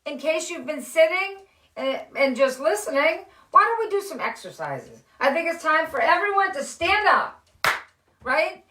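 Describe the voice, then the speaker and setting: Middle-aged woman, children's show host on a live stream; unhurried, encouraging, slightly high. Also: echoey room. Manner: slow, gentle and encouraging, talking to young children. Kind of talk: reading aloud and leading kids' activities. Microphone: live-stream camera.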